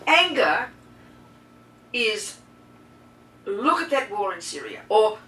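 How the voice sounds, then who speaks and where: A woman teaching a talk to a group, lively and emphatic, asking and answering her listeners' questions. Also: mid-range voice, slow pace. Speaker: Buddhist teacher. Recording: echoey room, mic at a distance, faint noise.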